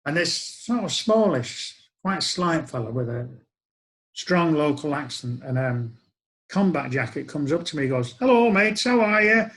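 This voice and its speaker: A man's voice: medium pitch, animated, a little slow, poor audio. Wry older man storytelling. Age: 60s. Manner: wry, reflective, conversational. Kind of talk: spoken-word storytelling.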